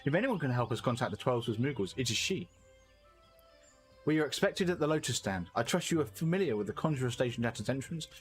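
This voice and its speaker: A man's voice: medium pitch, expressive, fast, faint music behind, natural voice. A man voicing an earnest young male scholar, speaking in formal, archaic phrasing.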